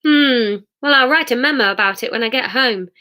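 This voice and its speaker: Storybook: woman reading a plain-spoken, puzzled man, blunt and high-voiced. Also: fairly quick, bright, forceful tone. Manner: blunt, matter-of-fact questions.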